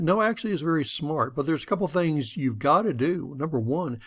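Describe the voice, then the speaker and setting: A man's voice: on the high side, animated, a little fast, fairly bright tone. A middle-aged man giving a conversational, step-by-step lesson on public speaking. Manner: folksy, conversational, explains step by step. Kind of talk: instructional talk to camera.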